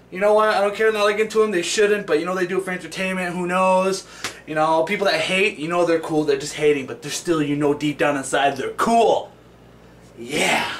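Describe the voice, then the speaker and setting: Casting: playful, animated guy with a high voice, recorded some distance from the camera mic. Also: a little hiss or hum. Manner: animated and playful, hyping himself up to viewers. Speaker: vlogger. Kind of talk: casual vlog to the camera. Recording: echoey room, camera at a distance.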